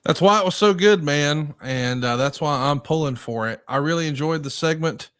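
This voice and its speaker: A man hosts a podcast and fires eager, pointed questions at his guest. His voice sits a little high for a man. The sound is dry and close. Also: moderate pace, smooth, dry recording. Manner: energetic, needling questions. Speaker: podcast host. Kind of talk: casual interview chat.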